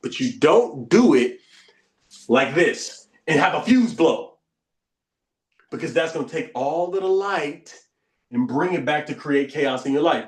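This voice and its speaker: A man's voice: a little high, expressive, unhurried, pauses often, reverberant. A man leading a live online coaching session, teaching with emphatic repetition and quizzing the group. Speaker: bootcamp coach.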